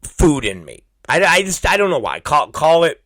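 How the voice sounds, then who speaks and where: A man in his forties hosts his show with a crude, repetitive monologue, now and then breaking into loud shouted exclamations. His voice is bright and on the high side, lively in pitch but unhurried. The sound is dry and close, with no room around it. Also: dry recording. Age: 40s. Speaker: podcast host.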